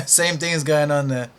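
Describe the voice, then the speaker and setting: This trading streamer is a young British man whose medium-pitched voice sounds a bit bright. He gives live trading commentary, talking through his trades and throwing in frustrated, slang-filled remarks to himself.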